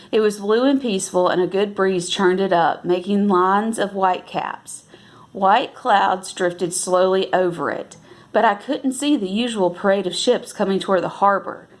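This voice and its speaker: A woman reading a novel aloud at an unhurried pace, now and then correcting herself and lifting her voice for the characters' lines. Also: medium pitch. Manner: unhurried, with self-corrections and restarts. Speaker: reader.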